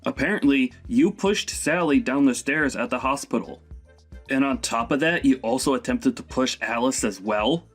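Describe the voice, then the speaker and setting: A man playing a young husband who lays into his overbearing mother, his tone stern and reproachful. He speaks in an ordinary mid-range voice, with soft music underneath. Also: medium pitch, normal speed, husky, natural voice. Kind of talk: voiced animated story drama.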